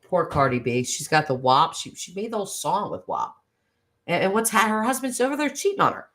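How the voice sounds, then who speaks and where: A woman's voice: fairly low pitch, very animated, a little fast, fairly bright tone. A woman hosting a casual livestream chat, gushing and chatty, wandering off on tangents and laughing often. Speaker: host.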